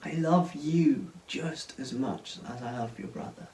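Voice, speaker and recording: Man doing a forgiving old father, eager and tender, slightly high, roomy sound from a distant mic. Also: measured pace, warm tone. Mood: tender, pleading. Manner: urgent, joyful commands. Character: loving, forgiving old father welcoming his son home.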